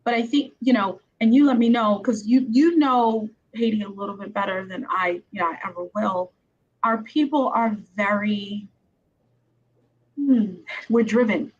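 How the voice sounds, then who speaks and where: A woman's voice: medium pitch, unhurried, slightly rough. A woman attorney hosting a podcast interview, talking in a chatty, conversational way. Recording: slightly dull sound with faint background noise.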